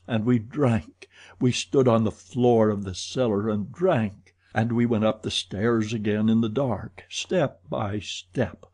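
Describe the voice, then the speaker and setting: A male audiobook narrator with a husky, mellow voice who tells the story slowly and with dramatic intensity. It is a scripted audiobook reading. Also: lowish voice.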